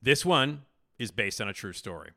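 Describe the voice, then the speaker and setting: A man hosting a podcast, casually retelling a TV backstage story with animated emphasis and frequent fillers. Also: fairly low pitch, moderate pace, vocal fry. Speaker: podcast host.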